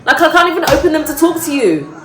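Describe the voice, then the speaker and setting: A woman's voice: high voice, fast. A middle-aged woman chatting casually to camera in her kitchen, exclaiming and talking straight to her viewers. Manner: expressive, exclaiming, talks to camera. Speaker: vlogger. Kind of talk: casual vlog chat. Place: home kitchen. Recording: roomy kitchen echo.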